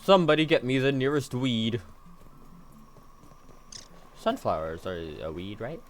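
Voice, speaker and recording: A man's voice: medium pitch, big pitch swings, unhurried, slight background noise. Rambling, joking male game streamer. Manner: rambling, joking and self-mocking, talking to himself. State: yawning, tired. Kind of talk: casual gaming stream chatter.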